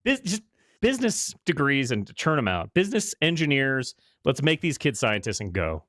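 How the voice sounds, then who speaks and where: A man co-hosting a political talk show, rambling and halting with a wry edge. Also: mid-range voice, very animated, fairly bright tone, no room sound, studio quality. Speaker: co-host.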